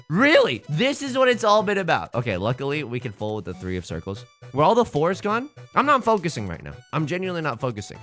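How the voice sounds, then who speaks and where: A young man live-streaming a tile game, bantering with chat in a rambling, jokey way and swinging between shouts and mutters. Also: on the high side, very animated, fairly quick, soft background music.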